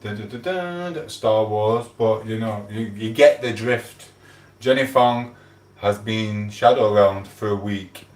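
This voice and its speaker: A man's voice: lowish voice, steady tone, takes it slowly. A man hosting a casual livestream at home, chatting and greeting viewers by name. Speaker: livestream host. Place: room at home. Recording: echoey room.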